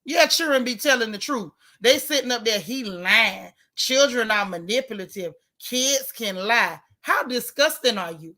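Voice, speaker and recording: A woman hosting a casual live stream, reading viewer comments and speaking out in an emphatic, outspoken way. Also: on the high side. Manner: animated, outspoken, emphatic repetition.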